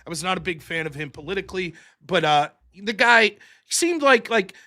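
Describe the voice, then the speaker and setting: Man hosting a podcast, high animated voice, bright tone, jokey casual chat. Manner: animated, joking, quick to laugh. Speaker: podcast host reading super chats.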